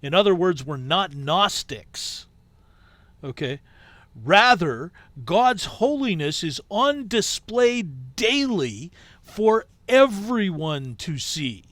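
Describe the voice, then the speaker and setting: Man reading a book aloud, high voice, unhurried, dry close sound, casual asides. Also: very animated, a bit bright, no echo. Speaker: podcast host.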